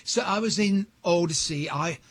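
A man's voice: high voice, normal speed, slightly rough, no echo. A man hosting a radio show, joking and rambling in casual studio banter with mock-grand asides.

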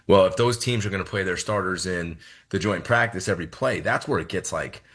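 Low husky-voiced football coach. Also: male voice, a little fast, fairly bright tone. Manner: explanatory, repeats words while thinking. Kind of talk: radio interview answers.

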